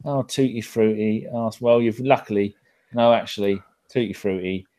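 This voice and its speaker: A man's voice: fairly low pitch, normal speed, mellow. A man hosting a casual live podcast, bantering with lots of swearing and reading out viewer comments. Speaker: podcast host.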